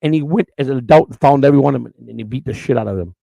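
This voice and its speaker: A middle-aged man, talking fast in a gravelly, fry-heavy voice. He hosts a podcast and tells his life story bluntly and emotionally, with plenty of profanity. The sound is dry and close, with no room echo. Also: medium pitch, dark tone, lo-fi sound. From Chicago. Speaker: podcast host.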